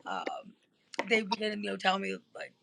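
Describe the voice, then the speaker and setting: A woman's voice: medium pitch, sing-song, moderate pace, creaky, bright, forceful tone. A woman telling a long story in casual chat from a hospital room, rambling with many fillers and restarts, heard over a phone or video call. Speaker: interview guest.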